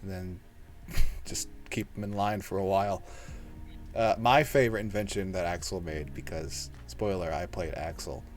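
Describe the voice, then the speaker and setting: A man's voice: low voice, moderate pace, soft background music. A man hosting a casual podcast chat about a tabletop game, joking, laughing often and swearing freely. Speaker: podcast host.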